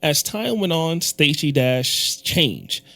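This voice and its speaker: A man hosting a pop culture commentary, telling the story with wry, lively asides. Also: on the high side, takes it slowly, creaky, very noisy. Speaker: commentary host.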